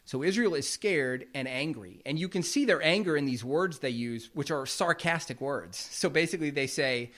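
A man's voice: on the high side, normal speed, hardly any pauses, fairly bright tone. Man preaching a conversational sermon. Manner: conversational, explains scripture plainly. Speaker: pastor.

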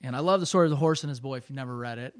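A man's voice: medium pitch, very fast, dry recording. A man preaching a sermon as pastor, earnest and storytelling. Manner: earnest, storytelling, with restarts and fillers.

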